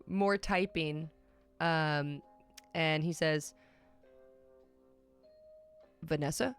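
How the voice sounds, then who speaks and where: A woman runs a tabletop role-playing game as its game master. She narrates slowly and deliberately, pausing on ums. Her voice sits low, with faint music underneath. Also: clear, resonant tone. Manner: slow, measured narration with frequent ums.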